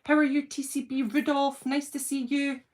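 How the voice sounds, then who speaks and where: A middle-aged British woman hosting a casual livestream, nervous and excited, chatting and greeting viewers by name. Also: high voice, normal speed. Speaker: channel host doing a livestream.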